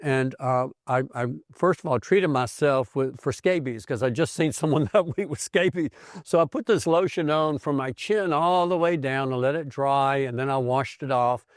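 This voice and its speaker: 男性医生 在干燥近距离录音里生动讲述自己的病史. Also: male voice, mid-range voice, moderate pace, hardly any pauses, no echo, clean studio sound. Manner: animated storyteller who acts out quoted voices. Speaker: physician host. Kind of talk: conversational storytelling about health.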